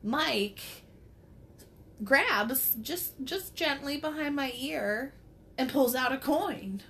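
A woman co-hosting a podcast, telling a story in an animated way, laughing often and swearing casually. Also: high-pitched, takes it slowly, slight background noise. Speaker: podcast co-host.

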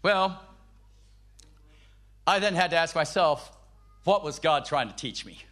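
Older male preacher, high, lively testimony read, emphatic with hushed low dips. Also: unhurried. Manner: emphatic, dropping to soft low tones. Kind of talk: personal testimony sermon.

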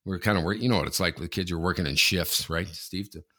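Bright-voiced man telling a rambling story. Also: deep voice, quick pace. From Canada. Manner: rambling anecdote with restarts, gets loud and excited. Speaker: podcast co-host. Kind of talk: casual sports talk, storytelling.

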